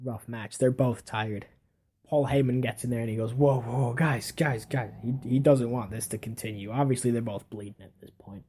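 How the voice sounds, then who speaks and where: Speaking in a dark, slightly rough mid-range voice with fairly even intonation, a man calls an imagined wrestling bout blow by blow. The delivery is relaxed and offhand, full of self-corrections.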